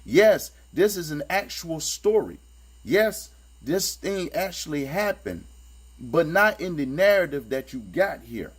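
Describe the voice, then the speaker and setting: A man's voice: big pitch swings, measured pace, husky. A man giving casual spoken commentary as he reads and critiques scripture, talking in a streetwise, sarcastic, emphatic way and repeating his points. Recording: low electrical hum behind the voice.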